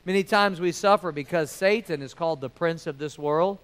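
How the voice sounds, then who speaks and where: Folksy preacher man, high clear voice. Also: fairly quick, rough recording. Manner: folksy storytelling, rising emphasis and dropping to quiet asides. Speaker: pastor. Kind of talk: sermon.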